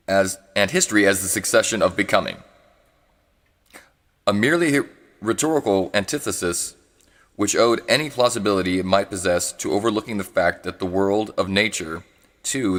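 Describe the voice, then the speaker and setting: A man whose voice sits low and a little bright gives a live philosophy reading, with a long reverb tail on the sound. He reads haltingly, fixes misread words by restarting, and remarks on foreign words he's unsure how to say.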